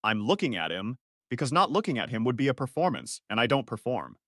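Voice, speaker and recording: Narrating his own sci-fi story, a man uses brief, clipped, analytical lines delivered a little fast. The voice is a bit bright with big pitch swings, and the recording is dry and close without any room sound.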